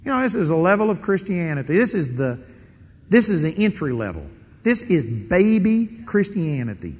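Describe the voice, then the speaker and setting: A middle-aged man preaching a sermon, telling stories and acting out prayers in an animated way. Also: high voice, moderate pace, breathy edge, big-room sound, dull audio. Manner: animated storytelling with quoted prayers and chuckles.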